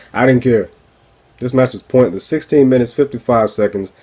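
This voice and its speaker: A man's voice: medium pitch, normal speed, mellow, slightly rough. A man hosting a wrestling review podcast, ranting casually and profanely with frequent laughs. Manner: profane, exasperated, laughs often.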